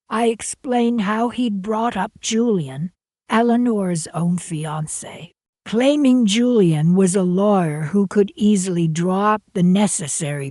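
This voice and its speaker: A woman narrating a family drama in the first person, measured and dramatic. Her voice sits a little low and moves at a slow, deliberate pace. The recording is dry and close, with no room sound. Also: mellow, dry recording.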